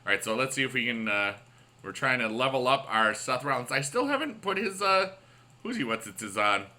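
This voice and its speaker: A man's voice: mid-range voice, sing-song, fairly quick, sharp tone. A man casually commenting on his mobile wrestling game late at night, upbeat and rambling, with many fillers and restarts. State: up late on caffeine. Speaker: YouTube gaming host.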